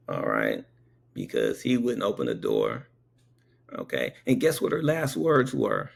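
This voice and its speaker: Emphatically recounting something that happened to him, a man who works as a paramedic keeps checking in rhetorically with his listener. He speaks on the low side, with vocal fry and a breathy edge.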